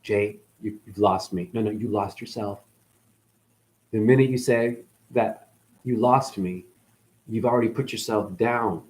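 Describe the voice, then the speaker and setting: A man rambling through a profane spiritual monologue, dropping to mutters and then jumping up in excited bursts. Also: fairly low pitch, unhurried, low-quality recording. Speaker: spiritual video host.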